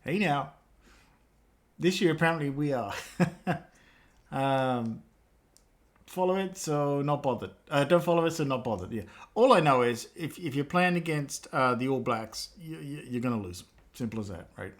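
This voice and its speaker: A man's voice: medium pitch, lively intonation, normal speed. A man, chatting casually with live chat viewers while he works, joking around and laughing often. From England. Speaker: live streamer.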